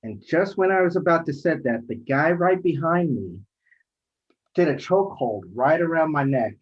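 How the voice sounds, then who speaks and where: A middle-aged man, a rideshare driver, telling a story in casual chat, animated and acting out quoted voices. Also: on the high side, normal speed, breathy edge. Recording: dull lo-fi audio.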